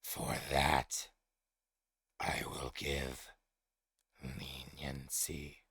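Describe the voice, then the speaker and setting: A man voicing a huge, menacing male manticore that speaks slowly and imperiously. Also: rumbling low, monotone, fairly bright tone, slightly rough, no echo, clean studio sound, pitched below the performer's own voice, exaggerated voice. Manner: slow, drawn-out, imperious.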